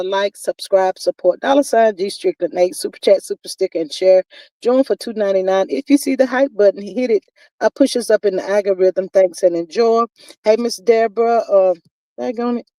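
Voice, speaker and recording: A woman's voice: medium pitch, no echo, low-quality recording. A woman hosting a casual livestream, reading out chat comments with sass, calling people honey and child, a little stuffy from her sinuses. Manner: sassy, animated, drawls terms like honey and child. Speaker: livestream host.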